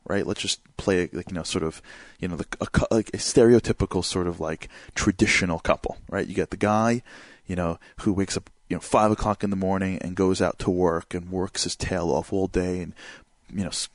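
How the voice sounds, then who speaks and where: A man giving a motivational talk. He speaks in an animated way, fills his speech with "like" and "you know", and keeps asking rhetorical questions. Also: low voice, brisk, dry recording, clean studio sound. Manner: animated, asks rhetorical questions and acts out examples; many fillers such as "like" and "you know".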